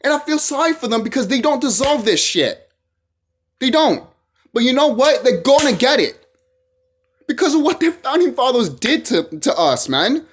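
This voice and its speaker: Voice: high-pitched, sing-song, normal speed, slight background noise. A vlogger delivering a heated, profane monologue to camera, often repeating phrases and restarting sentences.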